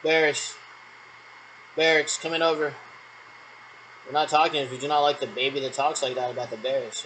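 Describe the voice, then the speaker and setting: A man with a fairly high, slightly bright voice talks fairly quickly through a long, one-sided radio check that loops and meanders. He repeatedly falls back on clipped military replies. The recording is low quality, with a faint hiss beneath his voice.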